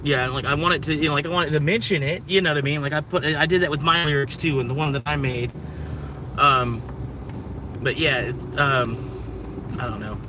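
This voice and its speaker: A man's voice: fairly high pitch, steady tone, brisk. A man streaming live while driving deliveries, rambling to his chat and chuckling between thoughts. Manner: rambling, chuckles often, talks to chat and himself. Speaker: delivery driver streaming a ride-along. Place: inside a car while driving. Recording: distant mic with car road noise.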